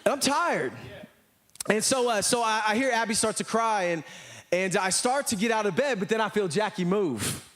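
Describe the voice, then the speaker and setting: A man's voice: high-pitched, normal speed. An American man preaching a sermon to a church, telling stories and acting out the voices of the people in them. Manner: animated storytelling, acts out voices. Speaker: pastor.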